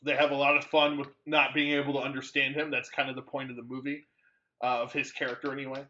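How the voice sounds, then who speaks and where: A man's voice: medium pitch, level tone, quick pace, bright, forceful tone, muffled recording. A man co-hosting a movie podcast, chatting casually with a rambling delivery full of fillers and restarts. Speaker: podcast co-host. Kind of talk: casual movie-review chat.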